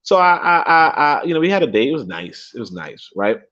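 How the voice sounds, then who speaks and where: A man's voice: a little high, very animated, brisk, fairly bright tone. A young man hosting a casual livestream who rambles, swears freely, repeats himself and laughs often. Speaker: livestream host. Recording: dull lo-fi stream audio.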